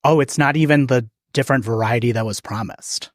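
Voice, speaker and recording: A man's voice: medium pitch, a little fast, no echo, clean studio sound. A man who is a podcast guest in casual chat, weighing in with thoughtful, wry opinions.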